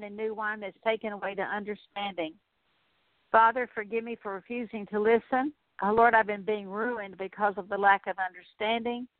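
A woman leading a slow, earnest spoken prayer of repentance in a repetitive litany. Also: mid-range voice, no room sound. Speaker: prayer minister. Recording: dry, tinny phone-like sound.

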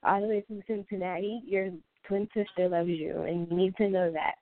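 A woman's voice: medium pitch, level tone, moderate pace, no echo. A young woman talking as a guest, giving a heartfelt tribute to her best friend and repeating herself for emphasis. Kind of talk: emotional tribute in a talk show. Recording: tinny phone-line sound, dry.

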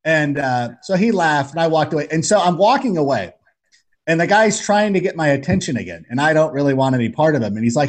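A man chatting as a podcast guest, telling jokey stories in an animated way. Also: on the high side, fast talker. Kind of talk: casual storytelling chat.

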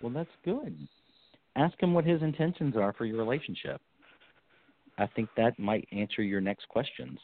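A man hosts a call-in psychic radio show, speaking at a medium pitch and normal speed as he gives callers reassuring, coaching advice. The line sounds tinny and dry, like a phone.

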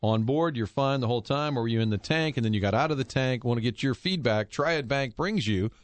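A man's voice: mid-range voice, a little fast, no echo. A man hosting a sports radio show, chatting casually with co-hosts and reading sponsor plugs in an upbeat, joking way. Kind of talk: casual sports radio chat and live reads.

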